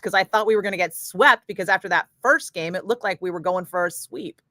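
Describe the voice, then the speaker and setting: A middle-aged woman who works as a radio DJ chats casually with viewers on a livestream from her home studio, blunt and swearing freely as she tosses quick asides to the chat. Through a studio microphone, her mid-range voice sounds animated, bright and forceful, with studio quality and no echo.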